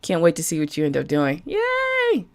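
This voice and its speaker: Lady business coach on a livestream, lower voice, chatty and blunt, says hi to viewers by name. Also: fairly even intonation, fast talker, dark tone. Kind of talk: live-stream talk to viewers.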